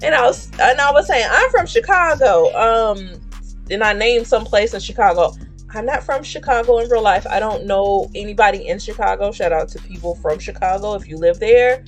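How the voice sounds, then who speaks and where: A woman streamer casually telling a dream story, animated and laughing as she acts out the people in it. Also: medium pitch, moderate pace, soft background music.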